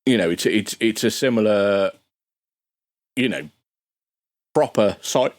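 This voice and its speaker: A man's voice: fairly low pitch, takes it slowly, dry recording, studio quality. A man chatting as a guest on a podcast, rambling and restarting his sentences. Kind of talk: casual podcast chat.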